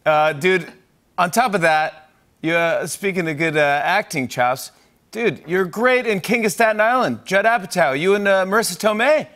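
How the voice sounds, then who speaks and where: A man with a somewhat high voice hosts a casual chat. He is eager and halting, and he leans on fillers as he praises his guest. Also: animated, a bit bright. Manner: enthusiastic, halting, many fillers. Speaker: podcast host.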